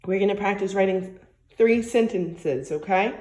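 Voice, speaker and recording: A woman teacher giving a recorded phonics lesson to young children, dictating words and sentences slowly and patiently with plenty of encouragement. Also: mid-range voice, a little mellow.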